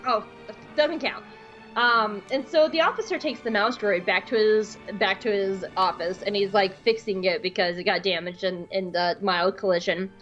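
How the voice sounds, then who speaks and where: A woman co-hosting a podcast, telling a story in a casual, excitable, gushing way. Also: mid-range voice, normal speed, highs cut off, soft background music. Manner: excitable, gushing, breaks into squeals. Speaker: podcast co-host.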